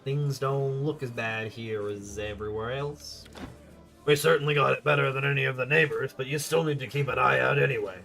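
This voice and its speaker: A folksy tavern keeper with a homespun Southern drawl, as a man puts him on. He rambles hospitably about the village, his voice bright and forward at an ordinary middle pitch. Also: a little fast, vocal fry, faint music behind. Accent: attempted American Southern drawl. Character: jovial village tavern keeper, proud storyteller.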